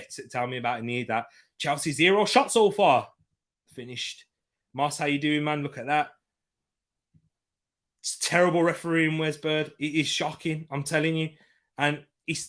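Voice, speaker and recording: Young man, bright forceful voice, live football watchalong host who swings from shouting at the ref to relaxed chat with viewers. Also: fairly high pitch. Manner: shouts at referee decisions, then chats calmly with viewers. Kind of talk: live match commentary and chat reading.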